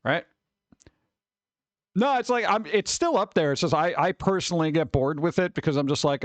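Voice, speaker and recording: A man's voice: a little high, brisk, no echo. Man chatting casually on a live stream. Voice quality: scratchy vocals at times. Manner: rambling, wry, reacts to chat and pictures.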